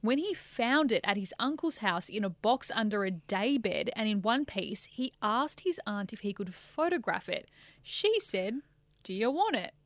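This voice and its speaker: A woman's voice: medium pitch, sing-song, measured pace, fairly bright tone, no room sound. A woman co-hosting a casual chat, reading a story aloud from notes and laughing along. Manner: reads from notes, breaks into laughter. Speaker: podcast co-host reading a true story.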